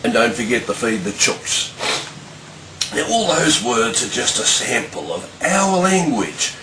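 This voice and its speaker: A man's voice: medium pitch, sing-song, a little slow, bright, forceful tone. A man with an Australian accent reciting rhyming bush poetry in a rhythmic, sing-song way, full of slang. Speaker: bush poet. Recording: echoey, distant, noisy ambience.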